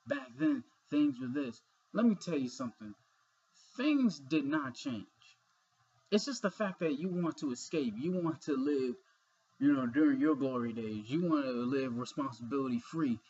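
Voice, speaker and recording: A man's voice: a little high, a little mellow, slightly rough, muffled recording. A young man vlogging in a rambling, earnest monologue full of fillers and swearing, sleepy and yawning. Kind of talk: casual monologue.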